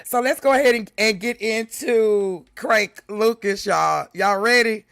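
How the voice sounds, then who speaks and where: A woman's voice: a little high, a little slow, vocal fry, fairly bright tone, no echo. A middle-aged woman hosting a live reaction stream, chatting casually with viewers and reading the chat aloud, laughing often. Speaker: livestream reaction host.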